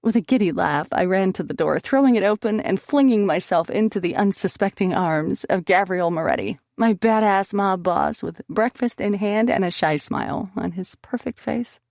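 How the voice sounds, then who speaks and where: Expressive woman narrating an audiobook. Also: mid-range voice, moderate pace, few pauses, dry recording, studio quality. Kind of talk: first-person audiobook narration.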